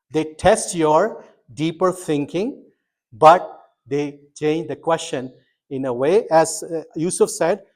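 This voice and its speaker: Animated man lecturing a medical class. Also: on the high side. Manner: quizzing students, animated and emphatic. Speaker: medical school instructor.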